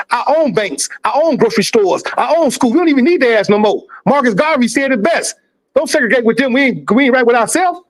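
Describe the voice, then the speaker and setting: A man hosting a livestream sports debate, loud and profane, talking over others and repeating himself. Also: very high-pitched. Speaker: livestream host.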